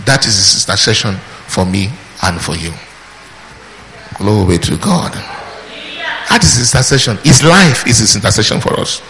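A man's voice: mid-range voice, sing-song, moderate pace, fairly bright tone. A man preaching a sermon, emphatic, asking the congregation questions, answering them himself, and calling out praise between points. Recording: long hall reverb with faint background noise.

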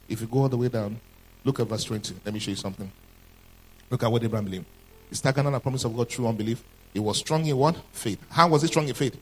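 A man's voice: medium pitch, slightly rough, low-quality recording. A man preaching a sermon, firing questions at the congregation and repeating key lines for emphasis.

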